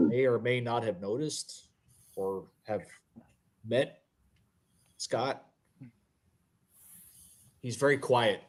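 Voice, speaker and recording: A man of middling pitch teases his co-host in a casual podcast chat. He jokes with a mock-pleading, ribbing manner. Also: darkish tone.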